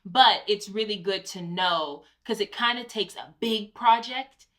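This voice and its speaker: Bright-voiced woman co-host chatting. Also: medium pitch, a little slow. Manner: conversational, advice-giving, personal anecdotes. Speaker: co-host, Broadway actor. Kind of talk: casual chat.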